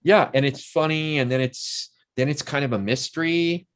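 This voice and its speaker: A man's voice: fairly high pitch, normal speed, clean tone. A man in his sixties, an interview guest and actor, telling long, rambling anecdotes full of restarts.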